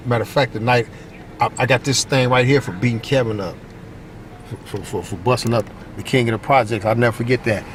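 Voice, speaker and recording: A middle-aged man from Long Beach, California, telling stories from his youth as a vlogger. He tells them in an animated way, puts on high voices for the people he quotes, and often asks "you know what I mean". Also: brisk. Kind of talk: casual storytelling. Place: outdoors by a basketball court, moving in traffic. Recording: faint street and traffic noise outdoors.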